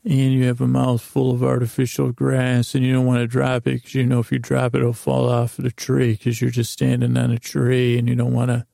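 A man telling a meandering, improvised sleep story, halting often with ums and restarts. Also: mid-range voice, completely flat delivery, gravelly, dark tone, no room sound, clean studio sound. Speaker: podcast host.

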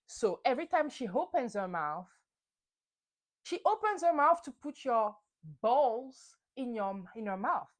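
Casting: young woman podcaster, swinging, expressive pitch, fired-up and swearing as she recaps. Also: measured pace, rough recording. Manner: heated, profane ranting. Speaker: podcast host. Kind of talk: solo reality TV recap.

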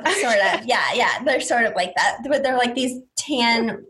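A woman's voice: fairly high pitch, moderate pace, low-quality recording. A young woman telling a personal story in casual chat, talking in a chatty way with lots of fillers and quoting what people said. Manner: chatty, lots of "like", animated retelling with quoted voices.

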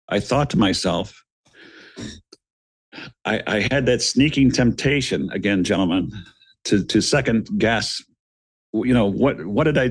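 A middle-aged man, a retired police officer, telling a dramatic story as a podcast guest, earnest, calling his listeners gentlemen and repeating words as he builds the story. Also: lowish voice, husky, no room sound.

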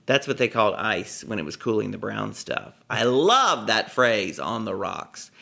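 A middle-aged man from Texas, a comedic storyteller, telling a vivid personal story in a lively, theatrical way and savoring his words. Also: medium pitch, gravelly. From Texas, USA.

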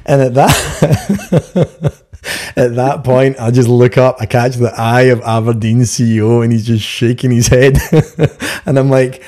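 A man's voice: mid-range voice, fairly even intonation, measured pace, mellow. A man co-hosting a podcast, telling cheeky stories and jokes in casual chat and laughing at his own punchlines. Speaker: podcast co-host.

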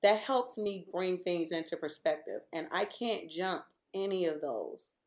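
A woman's voice: fairly low pitch, unhurried. A woman in her thirties or forties, a podcast guest chatting casually and telling stories with lots of laughter. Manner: animated storyteller, laughs often.

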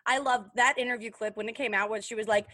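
A woman co-hosting a podcast in casual chat, excitable and rambling, full of fillers and playful imitations. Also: on the high side, fast talker, dry recording. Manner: excitable, lots of fillers, mimics voices. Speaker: podcast co-host.

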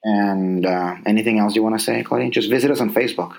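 A man's voice: fairly low pitch, quick pace, creaky, a little mellow, poor audio. A man co-hosting a podcast in casual chat, rambling enthusiastically about movies and shows. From grew up partly in a Spanish-speaking place. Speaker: podcast co-host.

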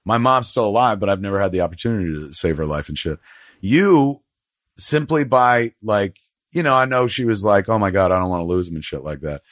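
Profane, low-voiced middle-aged man. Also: a little fast, no echo, clean studio sound. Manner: profane, rambling storytelling with lively quoted voices. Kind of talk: casual chat.

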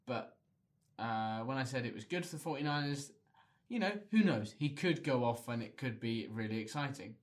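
A man's voice: mid-range voice, moderate pace. A man co-hosts a casual sports podcast. He speaks drily and bluntly, sharing matter-of-fact opinions. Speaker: podcast co-host.

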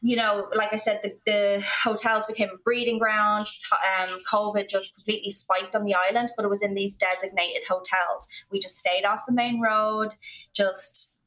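A woman's voice: medium pitch, level tone, normal speed, bright, forceful tone. A young Irish woman telling a story as a podcast guest in a rambling way, full of "like". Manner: rambling, filler-heavy, lots of "like". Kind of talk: storytelling in casual conversation. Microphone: remote call. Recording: lo-fi remote call audio.

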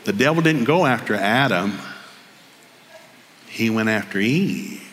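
Older Southern man preaching, lively comic storyteller, big pitch swings, booming through a reverberant hall. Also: a little slow. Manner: animated storyteller, jumps to high excited voices for quoted people. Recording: long hall reverb, faint ambience.

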